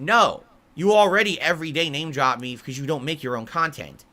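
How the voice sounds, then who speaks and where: A man's voice: fairly high pitch, brisk, bright, forceful tone. A man speaking in a documentary interview, sounding aggrieved and defensive about how he is treated online. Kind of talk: interview clip played on stream.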